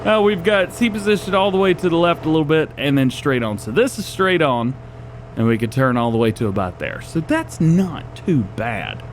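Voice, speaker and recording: Man, gameplay commentary, lively up-and-down voice, fairly high, slightly hoarse, faint music behind. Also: brisk, a little hiss or hum. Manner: animated, chatty, laughs often. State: losing his voice. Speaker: gaming channel host.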